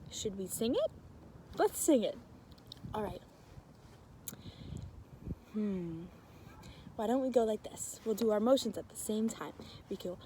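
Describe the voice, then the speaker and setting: A woman's voice: on the high side, lively intonation, measured pace, long pauses, mellow, a little hiss or hum. A woman teaching a children's scripture lesson, upbeat and encouraging as she talks to the kids.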